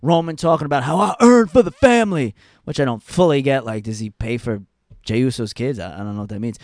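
A young man talks wrestling in a loose, rambling rant, swearing freely and piling on fillers. His pitch swings widely as he gets worked up, and the sound is close and dry with no room in it. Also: fast, dry recording. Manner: animated, profane, rambling with many fillers. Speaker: wrestling commentary podcaster. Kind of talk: casual opinion talk.

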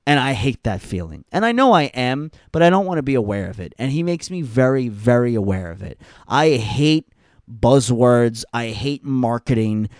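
A man's voice: medium pitch, animated, moderate pace, no echo, clean studio sound. A young adult man hosting a podcast, ranting in a blunt, profane way and repeating points for emphasis. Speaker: podcast host. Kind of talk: casual ranting commentary.

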